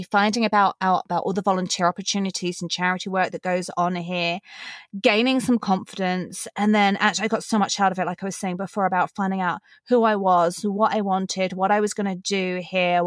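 A woman's voice: mid-range voice, no room sound, studio quality. A woman guest on a podcast, talking earnestly and at length, laughing between thoughts. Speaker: podcast guest, pageant contestant. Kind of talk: casual podcast interview.

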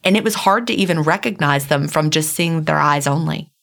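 Low, gravelly woman co-host. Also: a little fast, a bit bright. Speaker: podcast co-host. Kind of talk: casual podcast chat.

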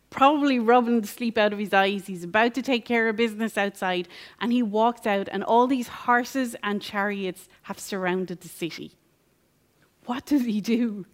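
A woman with a fairly high voice walks through a Bible passage in sermon style. She repeats key lines for emphasis and keeps asking her listeners rhetorical questions. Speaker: Bible teacher.

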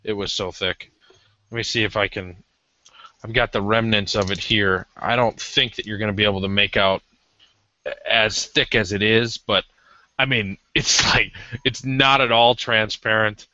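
Male podcast co-host, lower-pitched and bright, hesitant casual review, lo-fi sound. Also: fairly even intonation, unhurried, no echo. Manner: rambling, hesitant with many ums. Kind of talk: casual cigar review chat. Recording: dull lo-fi audio.

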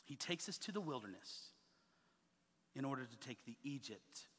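A man in his thirties preaching a sermon as a pastor, telling stories with lively acted-out quotes. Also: medium pitch, normal speed, husky, big-room sound. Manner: animated storytelling, acting out quoted voices. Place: church sanctuary.

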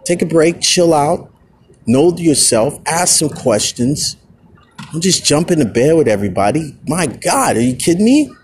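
A man talks alone on his own podcast, telling stories off the cuff. His voice sits a bit high, and he swings from low, muttered asides to heated, louder bursts. A faint hum of ambience sits behind him. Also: big pitch swings, unhurried. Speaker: podcast host. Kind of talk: casual solo monologue.

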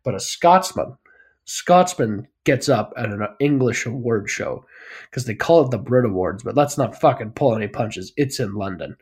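A man co-hosting a podcast, joking in animated casual chat. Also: medium pitch, normal speed. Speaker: podcast co-host.

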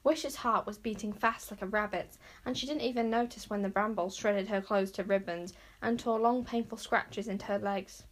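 A woman narrating a children's storybook aloud in an expressive, clearly paced reading voice. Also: medium pitch, moderate pace, few pauses. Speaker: audiobook reader.

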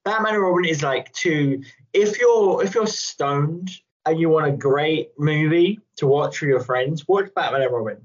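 A man's voice: on the high side, normal speed. A man chatting casually on a podcast, rambling and playful, often laughing. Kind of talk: casual chat. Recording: dull lo-fi sound.

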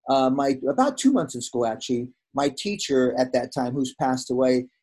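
A man's voice: mid-range voice, normal speed. A man in his sixties, a veteran hairdresser, telling stories from his career in a casual conversation and acting out the dialogue. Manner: animated, acts out quoted dialogue.

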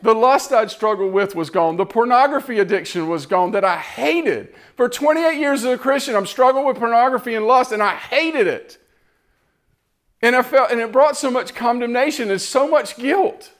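A man's voice: very high-pitched, animated, normal speed, fairly bright tone. A man giving an impassioned, earnest sermon testimony, repeating phrases as he builds.

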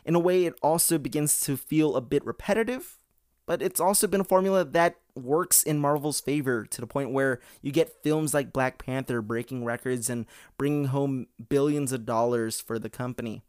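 A man's voice: medium pitch, clean tone, no room sound, studio quality. A man hosting a podcast in a casual, rambling way, with many "uh"s and restarts, into a podcast microphone. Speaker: podcast host. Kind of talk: casual chat.

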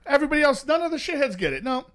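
A man's voice: very high-pitched, racing. A man, a former police officer, telling crude stories on a podcast and acting out the voices of the people in them. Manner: animated, profane, acts out voices in his stories. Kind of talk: casual storytelling with crude humor.

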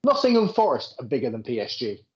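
Lively British man, lo-fi sound. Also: medium pitch, quick pace. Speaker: podcast co-host. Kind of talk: casual chat about football. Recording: dull lo-fi recording.

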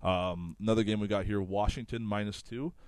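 Relaxed low-voiced man hosting picks. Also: brisk, no echo. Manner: laid-back, swears freely, laughs loudly. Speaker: podcast host running weekly picks. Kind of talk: casual chat.

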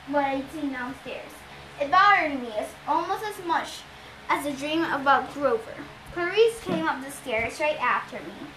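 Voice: sits high, sharp tone, reverberant, a little hiss or hum, low-quality recording. A child reading a novel aloud as narrator, stumbling over words and going back to restart them. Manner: reads with slips and restarts, repeating stumbled words. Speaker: reader of a novel.

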